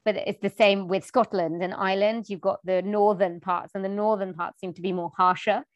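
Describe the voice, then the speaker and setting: A woman's voice: mid-range voice, steady tone, normal speed, no room sound, dull audio. Brief: British woman guest, chatty and laughing, dry close recording. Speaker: guest, voiceover artist and singer. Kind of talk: casual chat.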